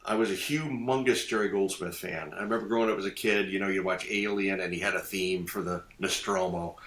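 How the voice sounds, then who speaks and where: Older male guest, low bright voice, animated storyteller, echoey room. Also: brisk. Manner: animated, acts out quoted voices, laughs often. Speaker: guest designer. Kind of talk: casual podcast storytelling.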